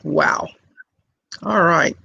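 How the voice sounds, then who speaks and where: A woman's voice: extremely slow, sharp tone, no echo, lo-fi sound. A woman on an online panel, chatting casually, laughing often, and calling the others "hon". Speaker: panel member.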